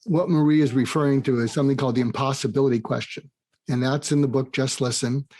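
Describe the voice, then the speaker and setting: An older man, a psychiatrist and author, telling stories in an interview and animatedly acting out quoted dialogue. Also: fast. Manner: animated storyteller, acts out quoted dialogue with rising pitch. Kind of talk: conversational storytelling interview.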